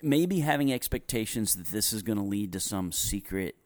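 Low-voiced Southern pastor chatting. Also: male voice, expressive, normal speed, a little mellow. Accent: softened Southern US. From North Carolina, US. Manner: thoughtful, restarts often, chuckles while telling stories. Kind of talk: conversational podcast chat.

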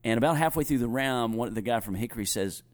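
A man from North Carolina with a softened Southern accent, a pastor chatting thoughtfully and often restarting his sentences. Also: mid-range voice, fast talker. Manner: thoughtful, restarts often, chuckles while telling stories. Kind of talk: conversational podcast chat.

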